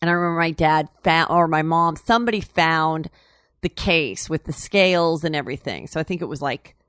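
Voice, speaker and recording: A woman with a low voice and a fairly bright, clean tone speaks a little fast in a studio-quality recording with no echo. As a guest in a casual storytelling interview, she's chatty and candid, rambling with lots of "like" and "you know," and laughs as she tells her story.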